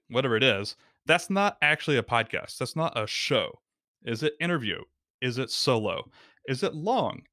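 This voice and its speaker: A man guest on a podcast explains step by step, his voice swinging up and down with energy as he acts out quotes. The mid-pitched voice is recorded close and dry, with no room sound. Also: no echo. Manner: animated, quick explainer acting out quotes. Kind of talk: casual podcast conversation.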